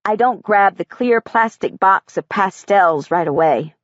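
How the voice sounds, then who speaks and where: Lady reading a story audiobook, quiet measured voice, muffled dry sound. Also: mid-range voice, no room sound. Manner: measured, quiet child's-eye telling. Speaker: audiobook narrator. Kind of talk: first-person audiobook narration.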